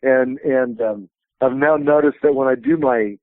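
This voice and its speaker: Phone-in guest: a man in his fifties, a wrestling promotion president, a rambling storyteller at mid pitch, heard over a thin telephone line. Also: a little slow, no room sound. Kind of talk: phone interview, telling stories.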